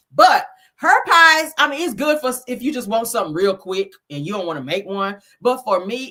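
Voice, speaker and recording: A woman hosting a casual gossip livestream, loud and profane, laughing often as she reads viewer comments aloud and reacts to them. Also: mid-range voice. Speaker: livestream gossip host reading chat. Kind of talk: casual chat.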